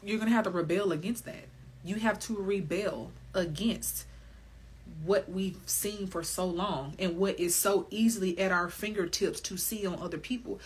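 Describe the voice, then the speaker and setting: A woman hosting a wellness podcast, talking candidly on her own in an animated, emphatic way, swearing freely and laughing often. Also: medium pitch, normal speed, husky. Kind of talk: candid solo podcast monologue.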